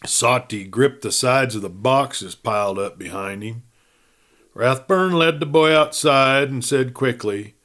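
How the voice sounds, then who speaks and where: A man's voice: mid-range voice, a little slow, fairly bright tone. Man reading a western novel aloud. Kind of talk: audiobook-style reading aloud.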